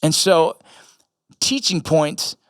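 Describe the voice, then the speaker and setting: Blunt, foul-mouthed army dad. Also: male voice, fairly high pitch, animated, slow pace, no room sound, clean studio sound. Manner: blunt, heavily profane, rambling with restarts. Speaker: military veteran and father sharing reflections. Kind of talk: casual vlog talk.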